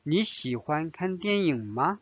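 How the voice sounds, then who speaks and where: A man with a Chinese accent teaching Mandarin vocabulary and grammar, explaining slowly with small restarts. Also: on the high side, very animated, no echo, muffled recording. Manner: slow, careful, with restarts and fillers. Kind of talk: language lesson narration.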